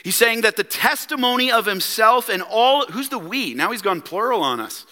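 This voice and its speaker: A man's voice: high voice, animated, normal speed, bright, forceful tone, in a large hall. A man preaching a sermon as a pastor, emphatic and full of rhetorical questions, acting out quoted lines. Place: church sanctuary.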